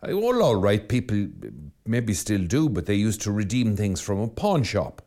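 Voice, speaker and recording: A priest giving a reflective sermon that drifts into storytelling. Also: male voice, lowish voice, sing-song, moderate pace, mellow. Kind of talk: spoken sermon.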